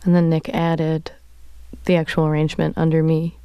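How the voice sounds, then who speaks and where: A woman's voice: low-pitched, normal speed, clean tone, dry recording, highs cut off. A woman singer-songwriter talking loosely about her songs in a casual interview, in a large cathedral-like room. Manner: relaxed, loose, with fillers.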